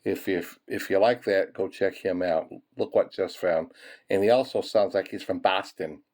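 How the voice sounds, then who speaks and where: A man's voice: low-pitched, normal speed, darkish tone. A man hosting a coin-hunting video, chatting casually with viewers in a folksy way while sorting pennies. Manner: folksy, chuckles often, addresses viewers as folks. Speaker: coin-roll hunting channel host. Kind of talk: casual chat while searching coin rolls.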